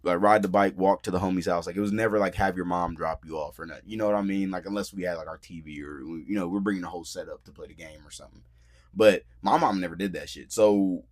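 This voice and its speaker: Young guy podcast host, real low voice, slangy laid-back storytelling. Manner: loose slangy storytelling, acts out quotes. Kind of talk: casual storytelling.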